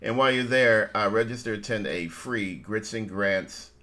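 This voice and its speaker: A middle-aged man co-hosting a casual live-stream chat, folksy and quick to laugh, often addressing his listeners as family. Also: fairly low pitch, fairly bright tone. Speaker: co-host.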